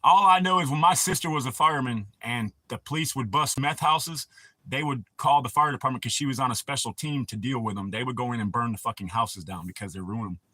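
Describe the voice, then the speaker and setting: A man's voice: mid-range voice, fast talker, sharp tone, husky, dry recording. A man, hosting a casual livestream and rambling crudely with a lot of swearing. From United States. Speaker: livestream host.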